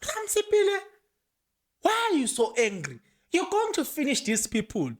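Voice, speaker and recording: A South African man hosting a podcast, commenting excitedly on a court case with frequent laughter and Zulu phrases mixed into English. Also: very high-pitched, moderate pace. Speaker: podcast host.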